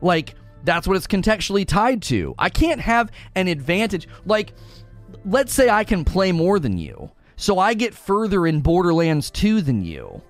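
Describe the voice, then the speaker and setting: A man's voice: high-pitched, wildly swooping pitch, measured pace, soft background music. A man ranting in a sarcastic, argumentative way, as a streamer answering his chat. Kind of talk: ranting commentary.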